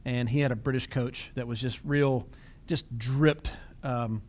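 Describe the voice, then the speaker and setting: A man's voice: medium pitch, steady tone, unhurried. A middle-aged man hosting a podcast, talking casually, telling stories with quoted dialogue and laughing easily. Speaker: podcast host.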